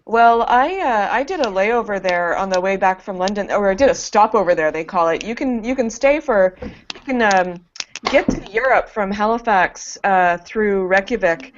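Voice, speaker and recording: A woman's voice: mid-range voice, expressive, moderate pace. A woman on a casual online panel, chatting with dry, wry remarks. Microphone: video call. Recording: dull lo-fi web call with faint hiss.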